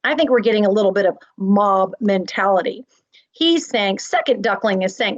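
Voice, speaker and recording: A woman's voice: medium pitch, normal speed, dull audio. A woman teacher reading a play aloud, explaining with dramatic emphasis and repetition. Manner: expressive, dramatic, repeats key points. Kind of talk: read-aloud lesson.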